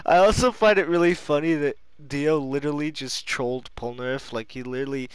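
A young man chatting casually with a friend, giggling constantly, swearing freely and breaking into loud laughing shouts. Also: a little high, fairly quick, hardly any pauses, clear, resonant tone, dry recording. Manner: crude, swears a lot.

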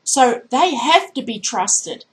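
Aussie woman ranting into the camera, fired up, keeps repeating herself, voice a bit high. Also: sing-song, slow, a bit bright, rough recording. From Australia. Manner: indignant, repetitive, emphatic. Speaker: vlogger. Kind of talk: political rant to camera.

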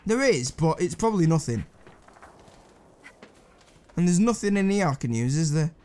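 A man's voice: fairly high pitch, sing-song, moderate pace, darkish tone. A young man commentating on a puzzle game, talking to himself and the characters, swearing and mocking himself. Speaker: gameplay commentator. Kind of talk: casual let's-play commentary.

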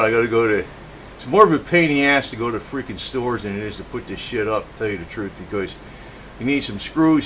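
A man's voice: medium pitch, slight background noise, low-quality recording. Rambling, swearing man talking to cats. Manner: rambling, profane, chatty, talks softly to his cats. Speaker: home DIY vlogger. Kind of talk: casual home video narration. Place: indoor home room.

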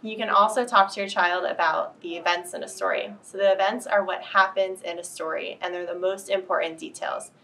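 A woman teacher explaining story events to parents in a steady, instructive way. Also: lowish voice, fairly quick, few pauses. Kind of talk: explaining reading tips to parents. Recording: distant mic.

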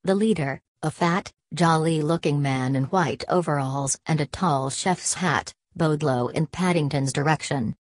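A woman narrates a storybook in a low, measured voice, gently expressive. The recording is close and dry, with no echo. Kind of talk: audiobook narration.

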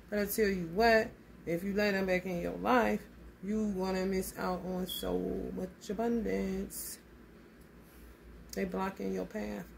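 A woman doing a casual tarot reading with a gravelly, fry-edged voice at an ordinary middle pitch. She talks bluntly and swears freely, calling her listeners honey and hitting her points with animated emphasis. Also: slight background noise. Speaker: tarot reader.

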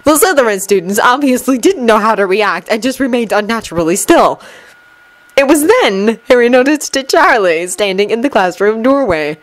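A woman reading a story aloud in expressive scripted narration. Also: medium pitch, poor audio. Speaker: audiobook reader.

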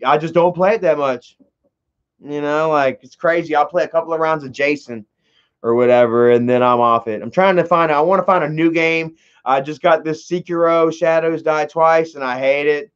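A young man hosting a casual commentary, rambling and excitable, with lots of swearing. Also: on the high side. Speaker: commentary host. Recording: dull lo-fi recording.

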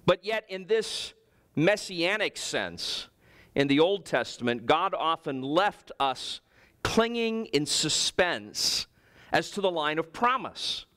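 A man preaching a sermon as pastor, telling personal stories with humor in an animated way. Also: a little high, slow. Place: church.

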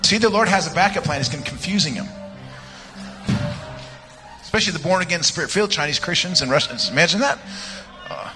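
A man's voice: fairly high pitch, expressive, a little fast, pauses often. A man preaching as a guest speaker in a church, telling stories in a playful, rambling way and laughing at his own jokes. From United States. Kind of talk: joking sermon with personal stories. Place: large church sanctuary. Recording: long church-hall reverb with music.

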